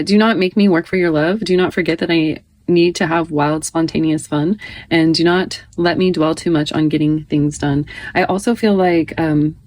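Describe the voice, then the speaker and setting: A woman's voice: fairly low pitch, a little mellow, no echo, poor audio. Chatty woman giving a tarot reading. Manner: chatty, reads card text aloud, laughs often. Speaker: tarot card reader.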